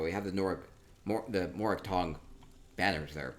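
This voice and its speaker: A man chatting casually through a tour of a game, upbeat and quick to repeat himself, with soft laughs between remarks. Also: low voice, faint music behind. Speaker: gaming streamer touring player-built homes. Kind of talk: casual gameplay commentary.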